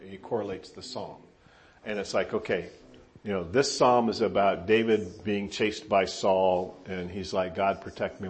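Speaking in a lowish voice with slight background noise, a Southern California pastor delivers a sermon to his congregation. He tells animated stories and pokes fun at himself along the way.

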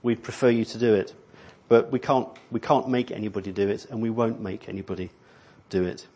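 A man's voice: lowish voice, level tone, a little fast, mellow, slightly rough. A middle-aged man preaching a sermon in a church hall, rambling and conversational, with many restarts. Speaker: pastor.

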